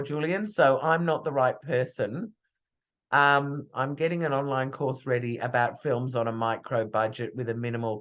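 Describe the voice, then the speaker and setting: A man's voice: medium pitch, fairly bright tone. Man, PR coach, rambling friendly advice over a muffled video call line. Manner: chatty, hesitant, thinks aloud with fillers and restarts. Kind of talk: live online masterclass Q&A.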